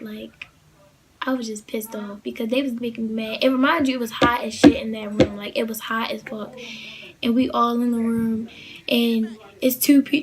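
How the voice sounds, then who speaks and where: A young woman from the Baltimore area casually telling a story, chatty and rambling with lots of fillers. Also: a little high. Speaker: vlogger.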